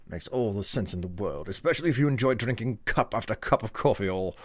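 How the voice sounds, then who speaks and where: A low-voiced man streaming a game and chatting with viewers in a hammy put-on British accent that keeps drifting toward Australian. His pitch swings widely as he hams it up and laughs at himself. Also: lively intonation, quick pace, few pauses, dry recording. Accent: put-on mock British, drifting toward Australian. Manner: hammy, theatrical, self-mocking; laughs often while reading chat. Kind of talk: live gameplay stream, chatting with chat.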